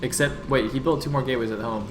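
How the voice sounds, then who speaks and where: A man casting a live game, excitable and jokey, getting loud at big plays. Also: medium pitch, fast, slight background noise. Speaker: esports caster.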